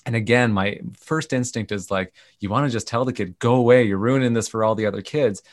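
Low-voiced man telling camp stories. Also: a little fast, no echo, clean studio sound. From Canada. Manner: animated retelling with quoted voices. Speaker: guest, camp CEO. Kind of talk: storytelling in a podcast interview.

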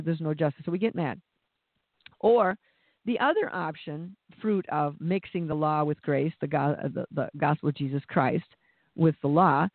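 A man's voice: fairly high pitch, dry recording. A man preaching an impassioned sermon, often repeating words as he builds up. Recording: dry, phone-like narrow sound.

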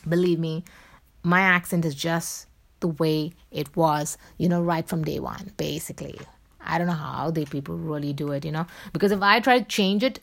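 A woman from India with a Bombay accent, talking on her solo podcast in an insistent, emphatic way, full of "you know" fillers. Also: lowish voice. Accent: Bombay Indian English. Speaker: podcast host.

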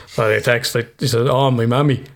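Man, Irish accent, gravelly fry, casual chat, swears a lot, laughs often. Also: medium pitch, fairly even intonation, fairly quick.

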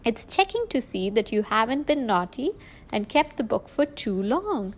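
A woman voicing a brisk, slightly scolding female rabbit librarian in a storybook reading. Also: on the high side, very animated.

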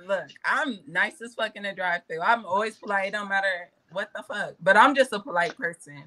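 A woman's voice: mid-range voice, fairly quick, sharp tone. A woman co-hosting a casual group chat, blunt and profane as she argues her point.

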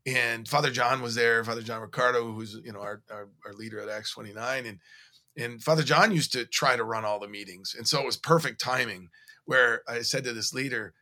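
A man co-hosting a podcast, telling stories in a casual, animated way. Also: mid-range voice, a little fast. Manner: animated storyteller, recounting conversations. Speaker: podcast co-host.

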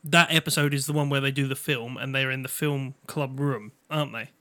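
A man's voice: mid-range voice, fairly even intonation, fairly quick, bright, forceful tone. A man in casual chat, jokey and fond of tag questions.

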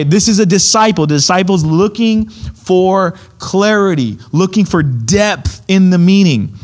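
Male preacher, slightly high voice, casual, insistent Bible teaching. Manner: emphatic, keeps checking in with "okay?"; repeats key points, restarts phrases.

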